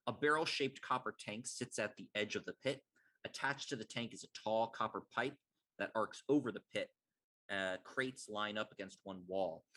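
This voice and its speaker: A man's voice: lowish voice, sharp tone. A man running a tabletop game as game master, describing scenes with many fillers.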